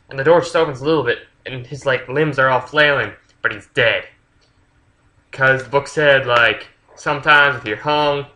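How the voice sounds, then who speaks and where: A man's voice: mid-range voice, sharp tone, rough recording. A man casually retelling a story's plot for a book review, rambling with lots of fillers and swearing freely.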